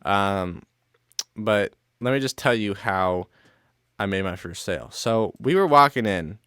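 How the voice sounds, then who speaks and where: A man's voice: on the low side, lively intonation, unhurried, a bit bright, clear, resonant tone, no room sound, clean studio sound. A young man telling a casual storytime, rambling, leaning heavily on "like" as a filler and cursing freely. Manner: rambling, filler-heavy with constant "like" and swearing.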